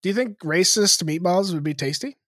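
A woman's voice: on the low side, expressive, fairly quick, fairly bright tone. A woman in casual chat, laughing often while giving feedback.

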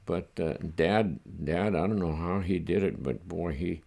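Gravelly older man, slow halting recollection. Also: low-pitched. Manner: halting, reflective, chuckles softly. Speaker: interviewee recalling his childhood. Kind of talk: oral history interview.

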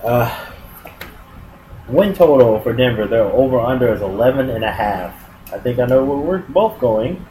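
A man co-hosting a casual sports chat, relaxed and joking as he runs through a team's schedule. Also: mid-range voice, rough recording. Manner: relaxed, joking, lists teams quickly. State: hiccups. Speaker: podcast co-host. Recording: noticeable background noise.

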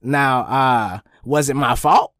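A young man hosting his own podcast, telling a story in a casual, profane way and jumping into high-pitched bits. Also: slow pace, fairly bright tone, no echo, studio quality. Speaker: podcast host.

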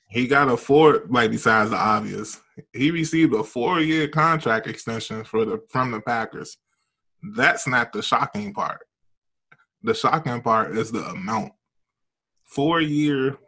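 A man's voice: mid-range voice, sharp tone. A man co-hosting a casual sports talk show, laid-back and slangy, laughing easily as he talks.

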